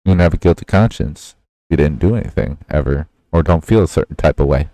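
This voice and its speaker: A man hosting a livestream, casually reacting to clips with a slow, lecturing manner. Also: a bass voice, dark tone, dry recording. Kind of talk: casual reaction stream chat.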